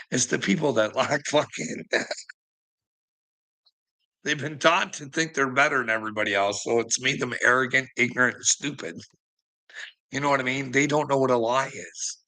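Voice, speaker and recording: A man's voice: mid-range voice, normal speed, creaky, pauses often, pushed and bright, rough recording. A man ranting in a rambling monologue to his viewers, chuckling often, swearing freely and needling people by name. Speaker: streamer talking to chat.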